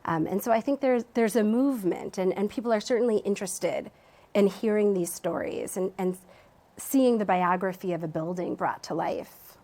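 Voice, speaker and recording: A woman's voice: mid-range voice, moderate pace, dark tone. A woman, a museum education director, answering interview questions in a TV studio, thoughtful and with frequent ums and restarts.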